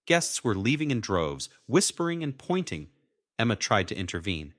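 A young man in his twenties narrates a dramatic first-person story in a low voice with lively, emotional swings. The voice-over is dry and close, with no room sound. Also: normal speed, dry recording.

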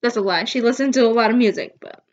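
A woman's voice: fairly high pitch, quick pace, muffled recording. A young woman vlogging casually, giggling often as she reads her text messages aloud. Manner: giggly, laughs often while reading texts aloud. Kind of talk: casual vlog narration.

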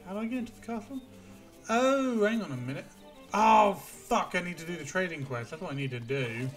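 A man's voice: high voice, lively intonation, brisk, faint music behind. A young man live-streaming a video game, chatting playfully, humming tunes and swearing at the game. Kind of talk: casual live-stream chat.

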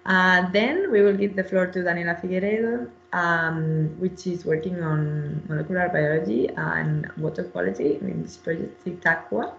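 A woman's voice: fairly low pitch, moderate pace, creaky, few pauses, echoey room, muffled recording. A woman researcher presenting in a webinar, speaking hesitantly with many fillers and restarts.

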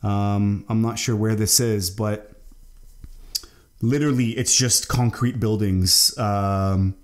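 A man's voice: lowish voice, fairly even intonation, takes it slowly. Hesitant Lebanese man reacting. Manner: hesitant, many ums and restarts. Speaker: reaction video host. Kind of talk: casual reaction commentary.

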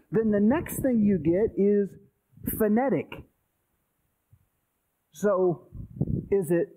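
A man's voice: sits high, dark tone. A male pastor teaching an informal Bible study class, explaining things conversationally with everyday examples and often checking in with "okay?". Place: church. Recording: tinny, phone-like sound.

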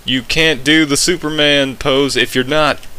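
A man's voice: fairly high pitch, fairly even intonation, a little slow, bright, forceful tone, low-quality recording. A young man giving frustrated, goofy running commentary while playing a video game. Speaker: gameplay commentator. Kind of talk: let's play commentary.

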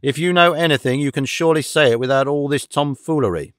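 A man's voice: medium pitch, very animated, normal speed, no room sound, clean studio sound, natural voice. A man voicing a blunt, proud police inspector in an audiobook reading.

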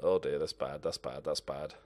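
A man's voice: a bass voice, fairly even intonation, moderate pace, a little mellow. A young man playing a football management game, muttering to himself and swearing at his players as he comments. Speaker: gaming channel host.

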